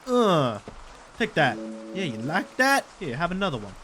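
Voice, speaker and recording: A man's voice: a little high, huge pitch swings, moderate pace, background noise. A man doing crude, joking let's-play commentary while he plays. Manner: crude, joking, swears a lot. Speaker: gaming YouTuber.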